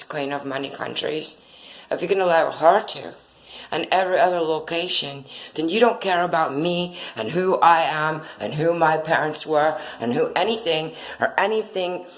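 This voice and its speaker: A woman's voice: low-pitched, low-quality recording. A woman speaking into a phone in a rambling monologue, with an insistent, aggrieved tone and long run-on sentences.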